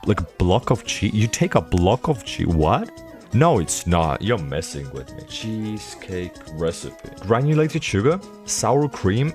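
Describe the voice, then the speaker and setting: A young man vlogging a casual recap, rambling and self-mocking with quick asides. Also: lowish voice, darkish tone.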